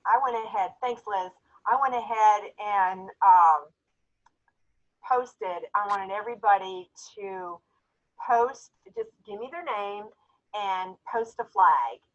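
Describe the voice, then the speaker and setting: A woman's voice: medium pitch, takes it slowly. Woman for a sales team call, heartfelt storyteller, slightly dull lo-fi sound. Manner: emotional, storytelling, tearful at times. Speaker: jewelry sales team member. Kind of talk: casual group call.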